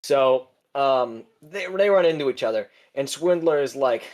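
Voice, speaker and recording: A man's voice: medium pitch, expressive, unhurried, hardly any pauses, darkish tone. A young man rambles through a casual podcast chat, full of fillers and restarts. He swears freely and keeps a loose, offhand delivery. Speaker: podcast co-host.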